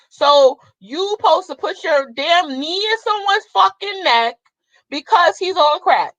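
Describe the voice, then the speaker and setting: A woman's voice: very high voice, animated, a little slow, fairly bright tone, dry recording, low-quality recording. A young adult woman vlogger in a blunt, profane, fiery casual rant to her viewers. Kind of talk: casual ranting monologue.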